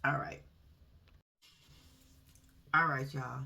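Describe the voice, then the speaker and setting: A woman's voice: mid-range voice, big pitch swings, moderate pace, pushed and bright. A woman giving a casual, blunt recap of a reality show, often laughing and using slang.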